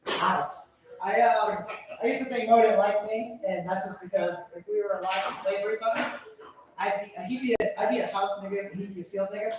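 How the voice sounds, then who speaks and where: A man doing dark, deadpan stand-up in a small club. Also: sits high, a little fast, noisy background. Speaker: comedian. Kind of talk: stand-up comedy. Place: small comedy club stage. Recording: very echoey room, far from mic, crowd.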